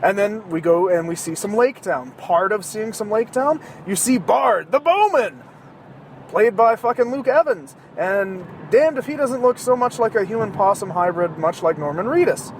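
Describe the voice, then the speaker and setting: A man with a notably high-pitched voice rambles casually from the driver's seat, his talk loose, profane and sarcastic. He jokes his way along as soft road noise hums faintly behind him. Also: expressive, normal speed. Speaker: podcast host. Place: inside a moving car.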